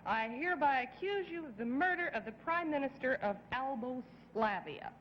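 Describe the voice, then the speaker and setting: A woman's voice: high-pitched, lively intonation, normal speed. A woman guest on a game show, bantering playfully and putting on a mock-formal detective voice. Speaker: celebrity guest. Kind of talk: game show banter, reading comic mysteries. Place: TV studio before an audience. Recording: lo-fi 1960s TV audio with reverb and hiss.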